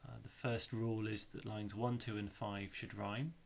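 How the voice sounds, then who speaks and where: Low, gravelly-voiced male teacher. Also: level tone, normal speed, a little hiss or hum. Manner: explains step by step, chants rhythms aloud. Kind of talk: classroom lesson explanation.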